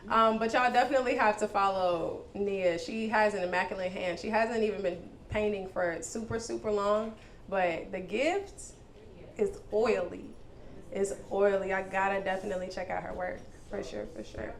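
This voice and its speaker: A woman hosting a live spoken word event, talking casually and warmly to the crowd as y'all. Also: mid-range voice, fairly even intonation, normal speed. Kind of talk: live stage address to an audience. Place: indoor event venue. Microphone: handheld microphone. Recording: live event with clear background noise.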